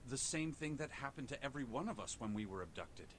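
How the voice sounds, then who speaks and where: An actor voicing a composed, refined young man in a video game, formal and measured in his speech. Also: medium pitch, lively intonation, fairly bright tone, a little hiss or hum, natural voice. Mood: calm.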